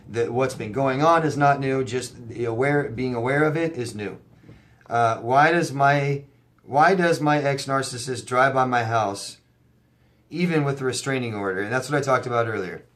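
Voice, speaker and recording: Man, life coach, casual advice to camera, blunt, emphatic, mid-pitched voice, faint background noise. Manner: reads viewer questions aloud then answers. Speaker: life coach answering viewer questions.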